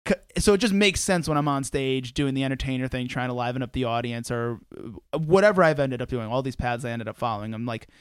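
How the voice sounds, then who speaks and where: Chatty man with a smooth clear voice. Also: medium pitch, fast, few pauses, no room sound, studio quality. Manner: animated storyteller, many restarts and fillers. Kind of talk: casual conversation.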